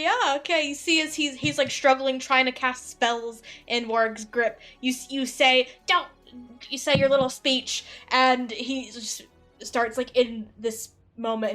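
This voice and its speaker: A woman's voice: on the high side, a bit bright. A young woman narrating casually as game master of a tabletop game, with many fillers.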